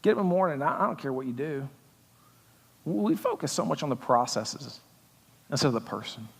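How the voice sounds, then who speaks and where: A man preaching a sermon as pastor in a church, talking conversationally and building to loud intensity. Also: fairly high pitch, creaky, breathy edge, in a large hall. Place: church auditorium.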